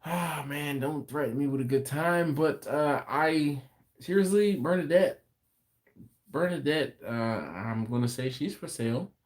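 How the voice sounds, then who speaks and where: A man's voice: on the high side, measured pace. A man hosting a late-night live stream from home, chatting casually and reading viewer comments aloud with an easygoing laugh. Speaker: host of a barbecue channel livestream.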